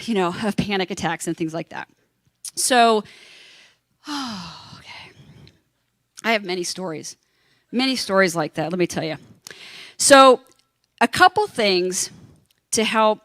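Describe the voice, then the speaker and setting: A woman telling a lively anecdote to a convention panel audience, acting out the voices of the people in her story. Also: mid-range voice, no echo, studio quality. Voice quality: animated, acts out quoted voices. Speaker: panel speaker.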